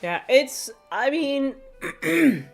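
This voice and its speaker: A woman's voice: high voice, sing-song, very slow, gravelly, faint music behind. A woman streaming a game, chatting casually and sarcastically as she plays, laughing often and sounding tired. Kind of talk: casual live-stream chat while playing.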